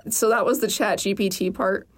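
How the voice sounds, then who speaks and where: A woman co-hosting a comedy podcast, chatting casually with playful, deadpan asides. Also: medium pitch, moderate pace. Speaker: podcast co-host. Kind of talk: casual chat.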